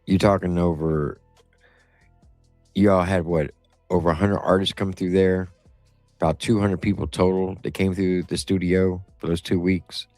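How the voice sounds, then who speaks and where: A man's voice: sits low, flat delivery, moderate pace, darkish tone, dry recording, soft background music. A man on a livestream panel who speaks bluntly and chimes in with short agreements. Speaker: panel guest. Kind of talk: casual livestream panel chat.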